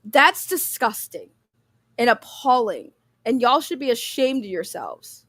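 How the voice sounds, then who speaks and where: Female stream host, emotional and profane, slightly high voice, dry close-miked sound. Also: sing-song, a little slow, fairly bright tone, no room sound. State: emotional, near tears. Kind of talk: livestream rant reading chat.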